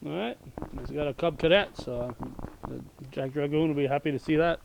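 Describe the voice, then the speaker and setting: Gravelly man interviewing outdoors, easygoing. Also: a little high, brisk, a little hiss or hum, low-quality recording. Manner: easygoing, chuckling interviewer asking leading questions. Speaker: local cable show host. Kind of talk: casual interview. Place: outdoors at a rural home.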